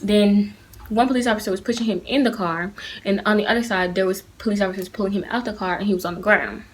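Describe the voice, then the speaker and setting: A woman's voice: mid-range voice, quick pace, a little hiss or hum. A teenage girl with a lilt, talking straight into her phone camera for a casual opinion vlog. Her delivery is earnest and heated, and it stays direct and personal as she addresses her viewers. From Atlanta, United States. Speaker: vlogger.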